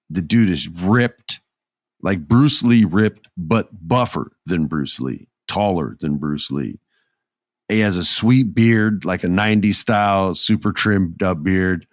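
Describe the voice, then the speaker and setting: A man hosts a wrestling podcast with a low voice that rises and falls over a wide range. He tells the stories with animation and acts out the people in them. The sound is dry and close. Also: dry recording. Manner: animated storytelling with character voices. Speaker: podcast host. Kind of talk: casual wrestling commentary.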